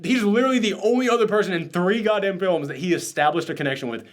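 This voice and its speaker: A man's voice: sits high, quick pace. A man hosting a spoiler discussion, emotional and choked up, gushing and swearing freely as he talks. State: tearful, choked up. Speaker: host.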